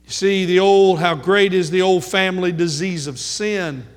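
Male pastor, higher register, slow and earnest sermon delivery, church hall reverb. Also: fairly even intonation. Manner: measured, earnest preaching with slow emphatic repetitions. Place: church sanctuary.

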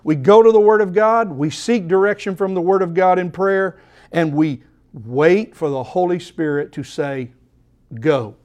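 A man preaching a sermon, expressive, at times dropping to soft repeated phrases, with restarts and stammers mid-thought. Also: sits high, moderate pace. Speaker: pastor.

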